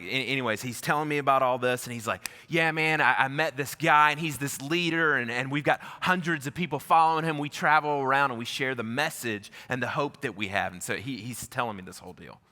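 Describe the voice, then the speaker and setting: A man preaching a sermon as pastor, telling a story in casual slang and swinging between loud bursts and hushed moments. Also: mid-range voice. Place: large church auditorium. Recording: reverberant church hall.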